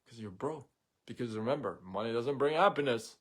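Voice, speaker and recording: A man's voice: mid-range voice, expressive, brisk, fairly bright tone, slightly rough. A man hosting a live show, talking in a blunt, sarcastic, opinionated monologue. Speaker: host of a daily live show. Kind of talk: casual monologue rant.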